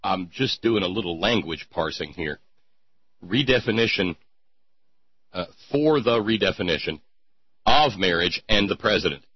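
Man, host, sarcastic commentary, husky voice, dry close dull recording. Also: deep voice, animated, moderate pace, pauses often, no room sound. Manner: sarcastic, rambling with many fillers. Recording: dull lo-fi podcast mic.

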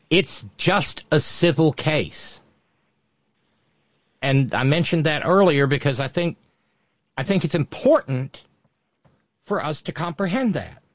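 A man's voice: a little high, no room sound. Wry man with a dry close sound. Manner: measured, stammering restarts, wry. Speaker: political talk show co-host. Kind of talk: casual political commentary.

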